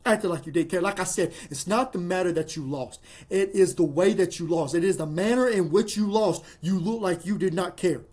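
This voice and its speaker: A man ranting as a fan about football rankings, exasperated and animated. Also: sits high, fairly quick. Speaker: sports commentator. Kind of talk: fan reaction commentary.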